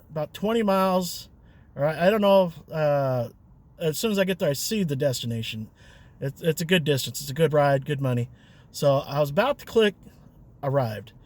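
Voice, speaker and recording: A man's voice: a little high, expressive, moderate pace. A man, a rideshare driver and vlogger, telling a story in a chatty, loose way with fillers and chuckles. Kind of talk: casual storytelling.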